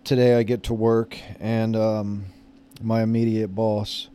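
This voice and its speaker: A man's voice: fairly low pitch, flat delivery, a little slow, warm tone, clean tone. A man in his thirties casually telling a story, rambling and hesitant with many fillers and restarts. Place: lives in Florida.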